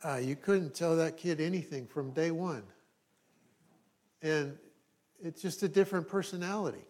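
A man's voice: on the high side, normal speed, darkish tone. A middle-aged man, a pastor, giving a conversational sermon with wry humorous asides and frequent restarts.

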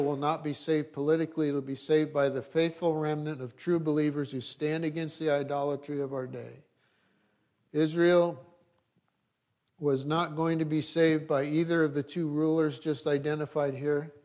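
A man's voice: fairly high pitch, a little mellow. A middle-aged male pastor preaching a sermon, reading scripture and adding dry joking asides.

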